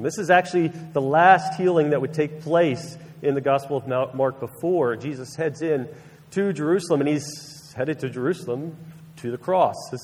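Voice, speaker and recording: A man's voice: fairly high pitch, darkish tone, slightly rough. A man preaching a sermon, retelling a Bible story earnestly and acting out its scenes. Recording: long reverb of a large hall.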